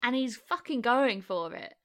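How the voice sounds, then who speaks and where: A woman's voice: on the high side, big pitch swings, a little slow, fairly bright tone. A woman co-hosting a podcast, rambling through a casual chat with frequent laughs and casual swearing. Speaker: podcast co-host.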